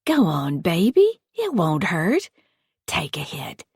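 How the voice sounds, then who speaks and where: A woman's voice: fairly low pitch, huge pitch swings, takes it slowly, slightly rough, no echo, clean studio sound, full character voice. A woman voicing a coaxing, menacing female caretaker who talks in a crude drawl in an audiobook thriller.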